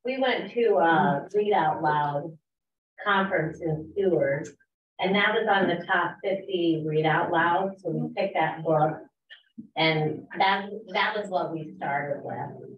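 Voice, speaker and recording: A woman's voice: lowish voice, slow pace. A woman in a casual group discussion who hesitates and searches for her words. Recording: roomy, distant, dull table mic.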